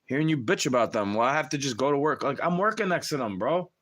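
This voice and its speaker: A man's voice: mid-range voice, animated, fast, fairly bright tone. A young man ranting on a livestream, profane and agitated, talking straight at the listener.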